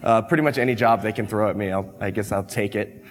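A man's voice: fairly low pitch, fast. Man, youth pastor, laid-back and joking, hall reverb. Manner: easygoing, self-deprecating, laughs often. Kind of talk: casual panel chat.

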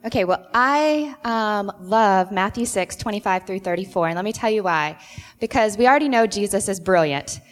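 A woman's voice: mid-range voice, animated, moderate pace. Woman, counselor, earnest and reflective storyteller, reverberant hall. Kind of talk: sharing a personal story in a church panel.

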